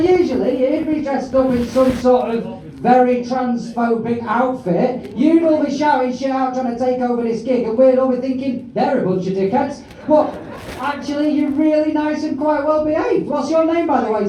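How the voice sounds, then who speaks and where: A man hosting a stand-up show, teasing the audience in a brash, sweary, shouting way during crowd work. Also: extremely high pitch. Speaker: comedy host and compere. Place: large comedy auditorium with live audience. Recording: echoey hall, distant mic, crowd noise.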